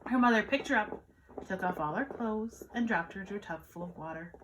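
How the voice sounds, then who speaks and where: Animated woman reading a picture book. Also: medium pitch, brisk, slight background noise, poor audio. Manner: animated, sing-song storytelling.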